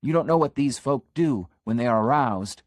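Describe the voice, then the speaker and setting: This audiobook character reading features a man voicing a scandalized, earnest country constable of middle age who urgently warns someone in a conspiratorial stage whisper. His mid-range voice is a little fast and darkish, close to everyday speech, captured dry and studio-clean.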